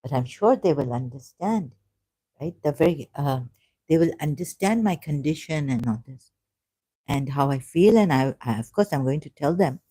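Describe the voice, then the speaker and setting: A woman vlogging about religion to camera, hesitant and halting with many restarts, earnest and openly frustrated. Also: low voice, animated, mellow, husky. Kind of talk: unscripted talk to camera.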